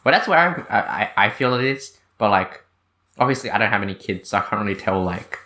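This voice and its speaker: A man, reflecting calmly in a casual podcast chat, with hesitant fillers. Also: fairly low pitch, brisk. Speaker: podcast co-host.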